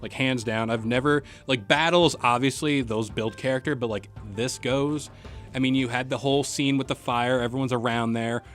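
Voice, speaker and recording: A man's voice: mid-range voice, fairly even intonation, normal speed, fairly bright tone, faint music behind. A man hosting a podcast, chatting casually and laying out his points at length. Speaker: podcast host. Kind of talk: casual chat.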